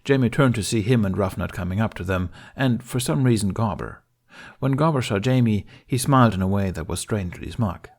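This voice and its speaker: Low-voiced man narrating a story. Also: a little fast. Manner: steady, emotional storytelling. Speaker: fan fiction narrator. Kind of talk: audiobook narration.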